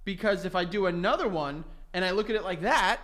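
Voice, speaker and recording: A man's voice: sits high, brisk. A man in his thirties co-hosting a podcast, chatting casually and telling stories with bursts of laughter. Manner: animated storytelling, bursts of laughter. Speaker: podcast co-host. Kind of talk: casual chat.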